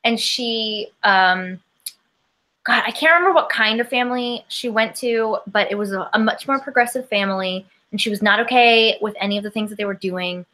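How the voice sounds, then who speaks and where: Bright, animated woman podcast co-host. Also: a little high, moderate pace. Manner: animated storyteller, teasing, sighs and apologizes. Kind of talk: casual comedy chat.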